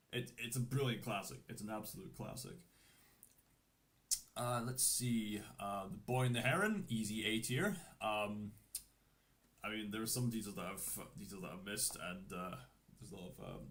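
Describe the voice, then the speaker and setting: A man with a Scottish accent chatting casually on a livestream as he ranks animated films. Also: medium pitch. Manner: unhurried, chatty, with lively rises and falls. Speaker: streamer ranking animated films.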